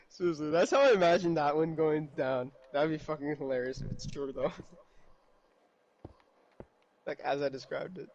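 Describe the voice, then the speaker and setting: Man with a high voice, casual and animated chat, laughs a lot. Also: moderate pace, long pauses, dull audio. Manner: animated storytelling with frequent laughs.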